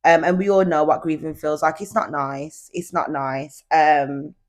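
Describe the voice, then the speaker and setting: A young woman hosts her podcast from home in a relaxed, chatty way. She speaks in a fairly low voice. She confides in her listeners as if they were friends. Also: a little slow. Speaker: podcast host. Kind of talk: casual solo podcast chat. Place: at home, indoors.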